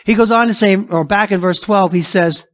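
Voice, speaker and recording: A male pastor with a high-sitting voice preaches emphatically at normal speed. He asks rhetorical questions and acts out imagined objections in a raised voice.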